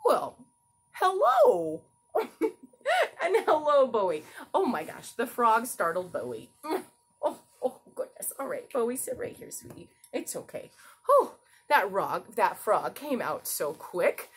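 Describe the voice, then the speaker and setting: A woman hosting a children's story time, her voice a little high and swinging widely up and down. She takes her time, coaxing small listeners along with an animated, gentle manner. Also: a little slow, slightly rough.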